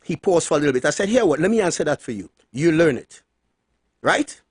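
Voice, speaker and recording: A man hosting a radio talk show, retelling a phone call in an animated way and repeating key words for emphasis. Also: fairly high pitch, fairly quick, husky, no echo, clean studio sound.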